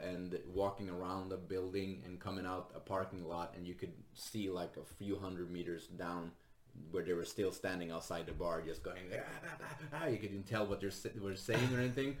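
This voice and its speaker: A man's voice: low voice, fairly even intonation, normal speed, slight background noise. A man, a stand-up comedian, telling a story in casual chat, laughing often and swearing freely. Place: Sweden.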